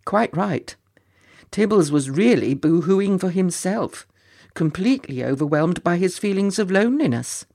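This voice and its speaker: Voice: mid-range voice, expressive, unhurried, creaky, darkish tone. A storyteller reading a children's story aloud, with playful, chatty asides to the listeners. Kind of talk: storybook narration.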